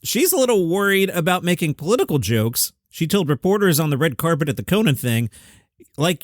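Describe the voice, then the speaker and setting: A man's voice: a little high, sing-song, fast talker, no room sound. Wry, dry-sounding man hosting comedy news. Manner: wry, chatty, ad-libs side comments. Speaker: comedy news podcast host. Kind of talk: casual news recap with jokey asides.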